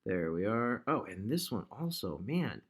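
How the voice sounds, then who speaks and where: A man's voice: on the low side, big pitch swings, measured pace, husky. A man casually talking through an ad design on screen, thinking aloud and chatting to the objects he moves around. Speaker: digital marketer demonstrating ad design. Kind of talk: casual screen-recording tutorial.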